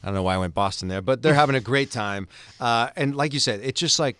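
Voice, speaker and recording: A man co-hosting a podcast, chatting casually and telling expressive, animated stories. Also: medium pitch, fast talker, clear, resonant tone, no echo. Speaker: podcast co-host. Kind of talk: casual chat.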